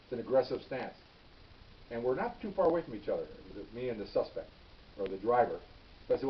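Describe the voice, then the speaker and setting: A man's voice: mid-range voice, big pitch swings, quick pace, pauses often. An older man, a retired police officer, telling a story in a plain-spoken, casual way, repeating words and checking in with "okay?". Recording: distant, dull lo-fi recording.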